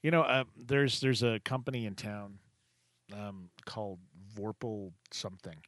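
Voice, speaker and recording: A man hosting a call-in radio show, chatting with callers in a casual, animated way. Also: lowish voice, measured pace, dry recording. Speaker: radio talk show host.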